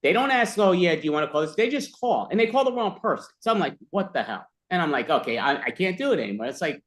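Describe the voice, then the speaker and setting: A man's voice: high voice, very animated, quick pace, fairly bright tone. A man in casual chat, telling rambling, exasperated stories about his phone.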